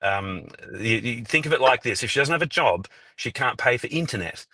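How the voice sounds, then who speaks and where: Aussie guy cracking deadpan jokes, bright voice, dry close sound. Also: medium pitch, a little fast, no room sound. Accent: Australian. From Melbourne, Australia. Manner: joking, teasing, deadpan asides. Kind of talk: casual livestream banter.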